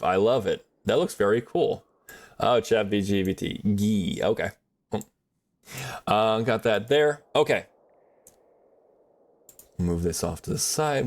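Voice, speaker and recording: Rambling male streamer, lowish voice. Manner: rambling, friendly, many fillers and restarts. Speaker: livestreamer. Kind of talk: casual livestream chat while drawing.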